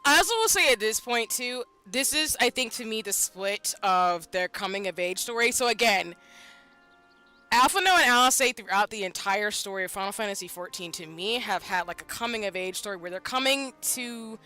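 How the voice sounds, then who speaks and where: A young woman streaming a game, excitable and loud, laughing and swearing as she reacts. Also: medium pitch, normal speed, soft background music, rough recording.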